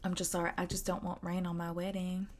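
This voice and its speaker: A woman's voice: lowish voice, monotone, fast talker, a little hiss or hum. Chatty woman streaming a game. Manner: chatty, swearing, talks to herself. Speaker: streamer playing a video game. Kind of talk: casual live-stream commentary.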